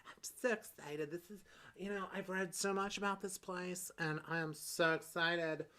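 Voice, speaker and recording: A woman improvising a fussy, demanding woman on a Valentine's date, stammering and bossy, bursting into shouts. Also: fairly low pitch, steady tone, moderate pace. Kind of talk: improvised comedy scene.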